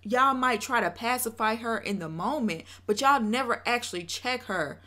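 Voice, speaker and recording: A woman's voice: fairly high pitch, moderate pace. A young woman recapping a reality show in casual talk, blunt and judgmental, speaking straight to her viewers. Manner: animated, acts out quotes in put-on voices.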